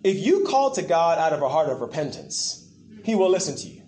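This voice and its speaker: A man preaching a sermon in an animated way, acting out the quotes he tells and asking the crowd for replies. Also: a little high, brisk, a little hiss or hum. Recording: echoey room.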